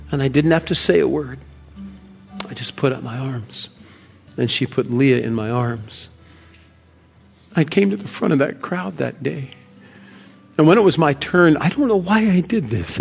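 An actor playing Josiah, a devoted ancient Hebrew father who earnestly recounts a miracle, shifting between loud wonder and hushed awe. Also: mid-range voice, creaky. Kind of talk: dramatic first-person monologue.

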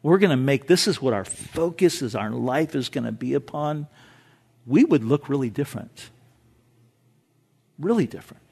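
A male pastor preaching a sermon, moving from calm, conversational asides with easy laughs to loud, fervent peaks. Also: medium pitch, moderate pace, creaky, long pauses, husky.

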